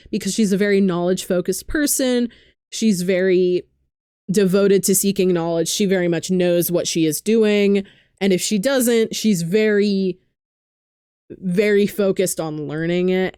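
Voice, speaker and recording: Smooth-voiced woman chatting about games. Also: medium pitch, a little mellow, no room sound, studio quality. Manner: chatty, frequent "um" fillers, light laughing asides. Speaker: vlogger and streamer. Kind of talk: casual chat about games.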